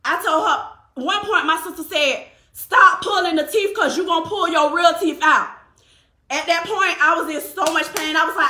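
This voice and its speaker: A woman's voice: extremely high pitch, moderate pace, roomy sound. A woman tells a personal story in casual talk, acting out what others said. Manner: animated, acts out quotes of others.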